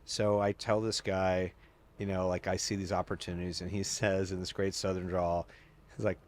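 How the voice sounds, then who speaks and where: A man's voice: sits low, moderate pace, slight background noise. A man guest on a podcast, telling long stories in casual chat, full of "like" fillers and quoted voices. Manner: animated storyteller with many "like" fillers and quoted voices.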